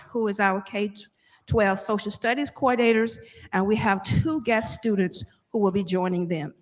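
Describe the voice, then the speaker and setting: A woman school district administrator giving an orderly, formal presentation to a school board. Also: medium pitch. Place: large boardroom. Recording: boardroom with long reverb.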